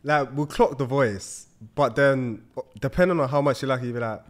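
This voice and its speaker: A young man speaks as a guest in a casual chat, his voice mid-pitched. He answers briefly in a laid-back way. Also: moderate pace.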